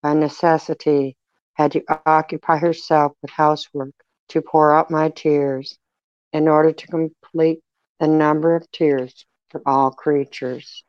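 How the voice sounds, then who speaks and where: A tender, grieving Jesus, as a reader puts him on, speaking slowly in a flat, even line. The voice is smooth and plain, set in a dry, slightly dull recording. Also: mid-range voice, dry recording, lightly acted. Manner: measured, even delivery. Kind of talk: devotional reading aloud.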